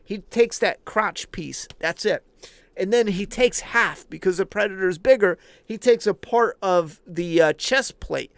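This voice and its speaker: A man's voice: high voice, a little slow, vocal fry, no room sound. A man hosting a livestream, ranting casually and emphatically to his chat with heavy swearing. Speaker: livestream host answering chat. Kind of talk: casual profane rant.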